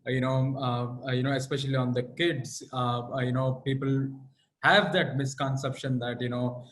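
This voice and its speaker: A man's voice: medium pitch, flat delivery, normal speed, a bit bright, slight background noise, low-quality recording. A man with an Indian English accent hosting a Q&A, reading audience questions and hesitating often with fillers. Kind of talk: live Q&A moderation.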